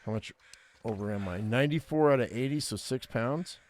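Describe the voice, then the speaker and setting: A man's voice: medium pitch, a little fast. A man giving casual gameplay commentary, muttering his thoughts aloud and making chatty asides to viewers.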